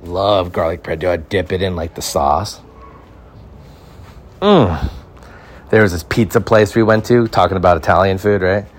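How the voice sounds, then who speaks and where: A man's voice: low voice, steady tone, normal speed. A young man from California hosting a podcast, telling rambling comic stories in casual, swearing slang. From California, United States. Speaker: podcast host.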